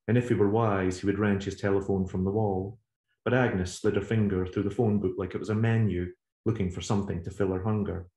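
Man, author, reading aloud, measured, low voice, roomy. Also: steady tone, a little mellow. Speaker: author reading his novel. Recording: roomy echo.

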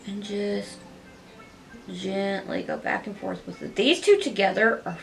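A woman narrates her makeup tutorial at home in a casual, chatty way, gushing over every shade while she talks through each step. Her voice sits in a middle pitch for a woman. Faint music plays softly underneath. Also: animated, unhurried, gravelly.

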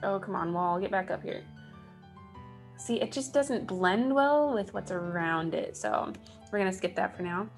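Slow, chatty woman narrating a game. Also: medium pitch, expressive, soft background music. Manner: chatty, wry self-talk while building. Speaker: gaming channel host. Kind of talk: casual let's play commentary.

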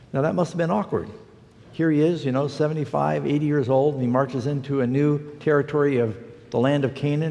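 A man's voice: a little high, creaky, darkish tone, in a large hall. A man preaching a broadcast sermon, telling stories in a folksy, emphatic way.

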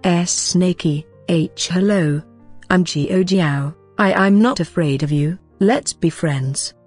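Woman reading as an eager little princess, stubborn, low and husky, soft music behind, storybook recap. She calls herself by name and keeps pleading. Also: unhurried. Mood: stammering. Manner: childlike, talks of herself by name.

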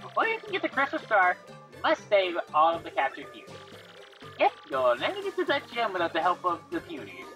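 A woman's voice: on the low side, huge pitch swings, fairly quick, soft background music, exaggerated voice. A woman voicing a cranky old female creature elder who scolds and barks orders. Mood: urgent. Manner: bossy, scolding, shouting orders.

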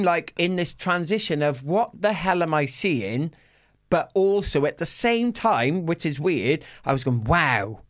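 A middle-aged man telling a story as an interview guest, laughing often and swearing freely. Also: on the high side. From Wales. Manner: laughs often, swears freely, acts out his own shouts. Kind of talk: animated anecdotal storytelling.

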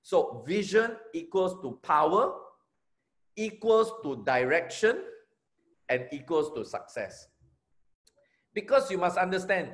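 A middle-aged Malaysian network marketing trainer with a Malaysian accent gives an energetic, emphatic motivational talk, repeating his key phrases. His voice is on the high side.

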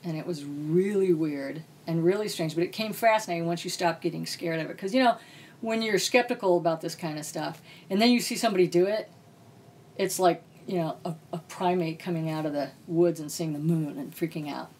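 A woman's voice: fairly low pitch, a little fast, a little mellow, a little hiss or hum. A woman author, a podcast guest, telling a personal story in a blunt, casual way and swearing freely. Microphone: podcast mic.

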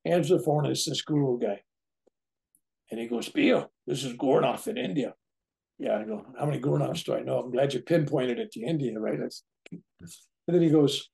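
Gravelly older man telling a story. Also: mid-range voice, lively intonation, normal speed, warm tone. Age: 70s. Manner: acts out quoted dialogue, tags lines with "right?". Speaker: interview guest. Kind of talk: casual storytelling.

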